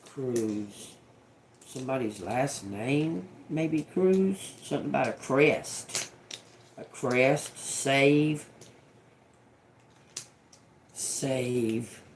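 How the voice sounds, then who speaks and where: A man's voice: mid-range voice, drawn-out words, long pauses, slight background noise. A man doing a casual tarot reading, rambling and cursing, often repeating single words as they come to him. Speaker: tarot reader.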